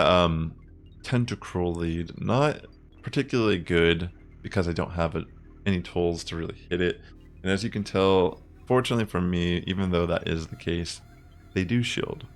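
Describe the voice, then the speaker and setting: A young man casually commenting on his own online game matches, chatty and relaxed, thinking aloud with fillers. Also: sits low, gravelly. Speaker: gaming content creator.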